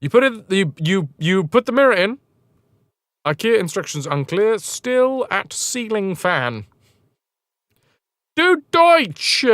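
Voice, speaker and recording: A man's voice: a little high, no echo, clean studio sound. A British man chatting casually on a game livestream from home, joking and swearing freely. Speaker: game streamer.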